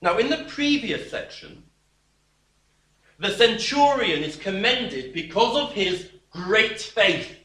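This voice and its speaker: A man preaching a sermon slowly and emphatically, dropping at times to a quiet voice. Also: sits high, expressive. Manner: slow, emphatic preaching with sudden drops to a quiet voice. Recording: echoey room.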